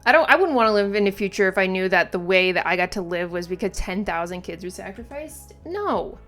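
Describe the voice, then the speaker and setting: A woman's voice: mid-range voice, animated, brisk, a bit bright. Woman host, casual manga reaction chat, emphatic and exasperated, filler-heavy, faint music under her. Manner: frequent "like" fillers and swearing.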